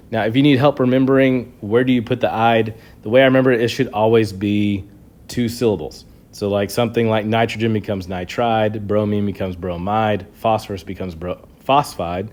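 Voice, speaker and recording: A man teaching a chemistry review lesson, explaining step by step with a patient manner and frequent checks of "okay". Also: mid-range voice. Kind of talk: recorded classroom review lesson.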